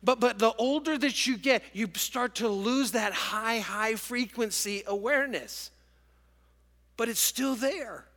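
A middle-aged man preaching a sermon to a congregation, telling stories in an animated, emotional way. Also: extremely high pitch, a little slow. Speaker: pastor. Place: large church auditorium with congregation. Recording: long church hall reverb.

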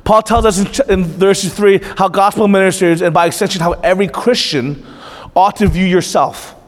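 Higher-voiced man preaching in a hall. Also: normal speed. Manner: conversational preaching, swings from lively asides to hushed intensity. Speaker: pastor. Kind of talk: sermon. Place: church hall. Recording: long reverb of a hall.

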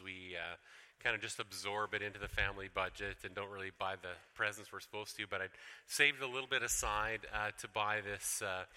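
A man's voice: on the low side, sharp tone, smooth, in a large hall. A middle-aged man preaching a sermon in a chatty, rambling way, full of restarts and rhetorical questions. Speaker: pastor.

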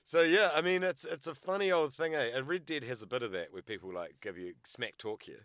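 A man's voice: medium pitch, fairly quick, clean tone, no echo, studio quality. A man co-hosting a podcast in casual chat, acting out voices as he tells stories. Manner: animated, acts out voices in stories. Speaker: podcast co-host.

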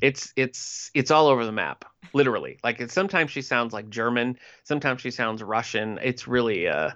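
A woman's voice: extremely low pitch, moderate pace, dull audio. A woman co-hosting a podcast, chatting casually and wryly as she recaps a TV episode. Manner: chatty, wry, animated. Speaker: podcast co-host.

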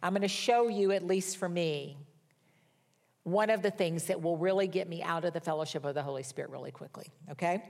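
A woman's voice: on the low side, brisk, a little mellow. An older woman preaching a sermon in a conversational, folksy storytelling manner with wry humor. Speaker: pastor.

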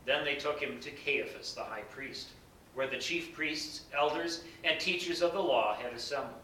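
A man reading scripture aloud in a measured, solemn way. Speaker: scripture reader. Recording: bright roomy echo, distant mic, faint rumble.

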